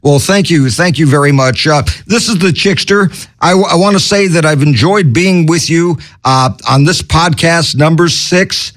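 A man hosting a radio show in a manic, zany way, stammering, shouting and giggling between his lines. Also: on the high side, normal speed, few pauses.

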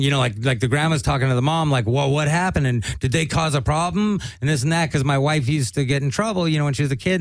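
A man's voice: medium pitch, no room sound, rough recording. A man telling a long, profane story on a casual talk show and acting out the voices of the people in it. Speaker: guest comedian.

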